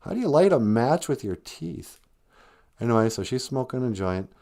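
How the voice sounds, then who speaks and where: A man's voice: medium pitch, very animated, normal speed, mellow. A man hosting a live stream, retelling a film in a rambling, chatty way. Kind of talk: casual storytelling.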